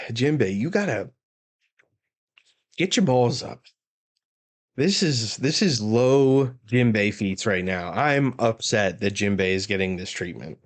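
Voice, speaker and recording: A man's voice: on the low side, expressive, slow, pauses often. A man hosting a live manga reaction, reading the dialogue aloud and reacting with casual, slangy, profane comments.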